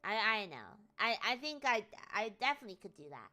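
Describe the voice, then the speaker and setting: A woman's voice: mid-range voice, sing-song, brisk, bright, forceful tone. A British woman streaming, chatting casually in a rambling, jokey way with lots of laughter. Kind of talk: casual chat.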